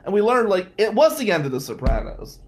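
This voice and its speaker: A man's voice: sits high, huge pitch swings, brisk. A middle-aged man, an attorney hosting a show, telling stories in a profane, ranting way and sounding exhausted. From Atlantic City, New Jersey. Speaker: attorney and podcast host. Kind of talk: casual monologue.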